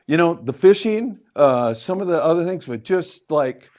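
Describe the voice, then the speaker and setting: At a live event, a middle-aged man who hosts a fishing show fields audience questions and tells stories into a handheld microphone. He's animated and speaks at normal speed in a darkish tone, using fillers freely and pushing his pitch up to stress points.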